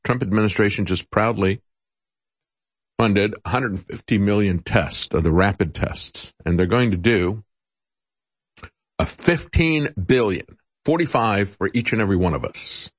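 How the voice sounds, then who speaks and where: A man hosts a political talk show, delivering opinionated, sarcastic commentary and putting on mocking voices, with his pitch rising, whenever he quotes others. He's animated yet keeps a measured pace, his voice slightly rough, and there's no echo.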